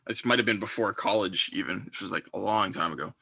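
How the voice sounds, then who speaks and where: A man's voice: fairly low pitch, quick pace, vocal fry, bright, forceful tone, no room sound. A man co-hosting a podcast, bantering playfully in casual chat. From Canada. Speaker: podcast co-host.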